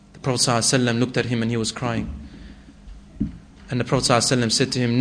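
A man's voice: mid-range voice, flat delivery, racing, pauses often, fairly bright tone. A man preaching a sermon, telling a story with emotion and acting out the voices in it. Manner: emotive, acts out quoted voices with rising intensity.

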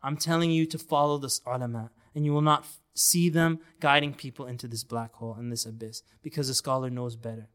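A man's voice: medium pitch, fairly even intonation, brisk, hardly any pauses, fairly bright tone. A man giving an earnest, emphatic sermon, with passages of the Quran chanted melodically. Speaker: Islamic preacher.

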